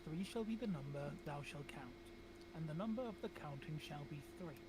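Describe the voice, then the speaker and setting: A man's voice: a little high, animated, brisk, background noise, natural voice. A man reciting a comedy sketch as a pompous cleric, in solemn archaic declaiming. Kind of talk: reciting a comedy film sketch in mock-biblical tone.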